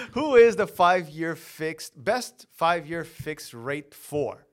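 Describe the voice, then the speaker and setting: Easygoing co-host, slow talker, bouncy pitch, teasing. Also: lively intonation. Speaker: podcast co-host. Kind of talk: casual podcast chat.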